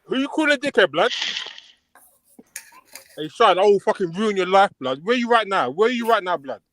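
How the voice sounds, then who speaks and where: A man's voice: high voice, animated, normal speed, fairly bright tone. A man on an online call, making threats in heated trash talk and tacking "blood" and "bruv" onto his lines.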